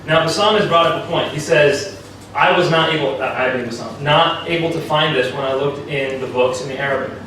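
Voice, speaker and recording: A man gives a formal debate speech in a fairly high voice, pushing an argument through a string of cited sources. His voice rises sharply when he stresses a point. The mic picks him up from a distance, with heavy echo from a large hall and faint room noise behind him. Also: bright, forceful tone. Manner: argumentative, citing sources in quick succession; emphatic, pitch jumps up on key points.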